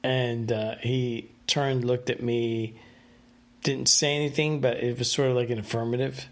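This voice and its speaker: A man's voice: mid-range voice, flat delivery, a little slow. Rambling man hosting a solo podcast. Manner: rambling, hesitant, many fillers and restarts. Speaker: podcast host. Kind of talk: casual solo podcast monologue.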